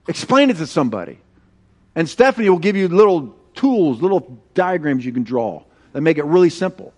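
High-voiced man preaching with call-and-response. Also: normal speed. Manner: animated and conversational, leads call-and-response with the congregation. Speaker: pastor. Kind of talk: sermon. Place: church sanctuary.

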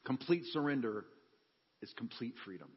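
A man's voice: medium pitch, moderate pace, husky, in a large hall, highs cut off. A man preaching a sermon in a church, telling personal stories with humor and energy. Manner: animated personal storytelling with humor.

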